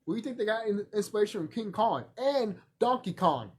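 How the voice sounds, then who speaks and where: A man's voice: high-pitched, lively intonation, fairly quick, slight background noise. A man talking in a casual, rambling vlog monologue, emphatic and profane, repeating himself and laughing often. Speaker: vlogger.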